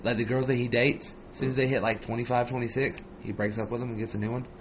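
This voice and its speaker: Male podcast co-host, casual joker, mid pitch, faint background noise. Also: level tone, fast. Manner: joking, loose, swears casually.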